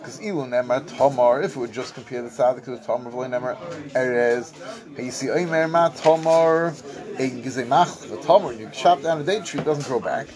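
A Talmud teacher reads Aramaic passages and translates them, giving his lesson in a sing-song study cadence broken by halting restarts. His voice is fairly high and a little mellow.

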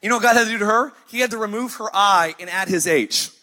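A man in his thirties preaching a sermon as pastor, emphatic and story-driven with sighs and dramatic pauses. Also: high-pitched, bright, forceful tone. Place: church sanctuary, live. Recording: faint music behind.

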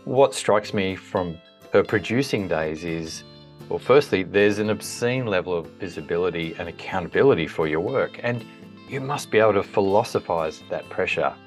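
A man's voice: low-pitched, expressive, moderate pace, soft background music. A man hosting a podcast interview, asking questions and wrapping up in a friendly, reflective manner. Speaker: podcast host. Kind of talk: interview hosting, closing narration.

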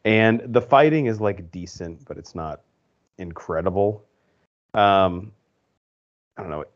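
A man with a fairly low voice talks through movies on a podcast, rambling and full of fillers as he gives his opinions. The audio is dull and lo-fi, like a home podcast setup. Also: a little slow. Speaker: podcast co-host. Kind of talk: casual movie review chat.

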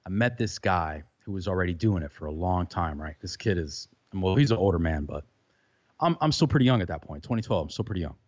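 A man chats loosely about his setup, full of fillers and restarts. His voice sits a little low, and it comes through a dull, lo-fi remote connection from a room with a bit of reverb. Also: animated, a little fast. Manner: loose, rambling with many fillers. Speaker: podcaster guest. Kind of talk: casual chat.

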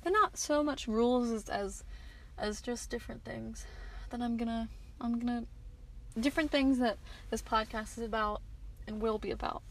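Solo podcast host, American woman, late teens, slightly higher pitch, loose and profane, lots of restarts, recording from a car. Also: normal speed, poor audio. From United States. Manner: candid, swearing, rambling with restarts. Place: inside a parked car.

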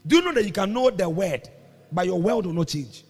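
A man preaching a sermon as pastor, breaking into shouts and sung phrases, recorded in a reverberant church hall with music behind. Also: sits high, expressive, fairly quick, husky.

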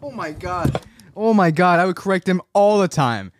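A man's voice: high-pitched, animated, moderate pace, no echo, studio quality. A man co-hosting a podcast in casual chat, crude and joking, laughing often. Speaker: podcast co-host.

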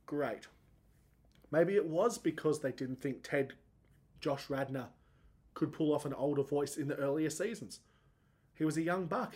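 Male podcast host, 30s, rambling and self-deprecating, slightly high voice that breaks when emoting. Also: darkish tone. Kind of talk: solo podcast monologue.

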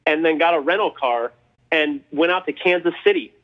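Guest storyteller, male, higher voice, animated, muffled radio-show sound. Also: a little fast. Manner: animated, acts out quotes. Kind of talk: casual storytelling.

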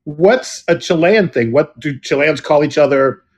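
A man from the United States hosting an interview podcast. He chats casually, asks lively questions and makes easy jokes. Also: on the high side, measured pace. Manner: friendly, joking, animated questions. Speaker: podcast host.

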